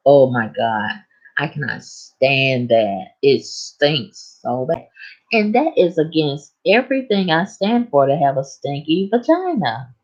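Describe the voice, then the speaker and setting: Woman, casual livestream chat, frank and chatty, low voice, dull lo-fi audio. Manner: chatty, frank, laughs at her own stories. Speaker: livestream host.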